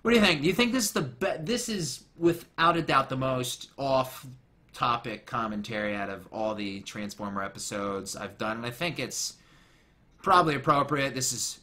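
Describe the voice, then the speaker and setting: A man's voice: medium pitch, moderate pace, pushed and bright. A young man hosting a casual commentary, rambling and joking as he drifts off on tangents. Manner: rambling, jokey, goes off on tangents. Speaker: commentary host.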